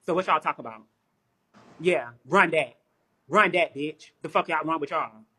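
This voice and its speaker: A man's voice: on the high side, normal speed, pushed and bright, slightly rough. A man on a live stream talking casually, brash and profane, often repeating words as he starts sentences.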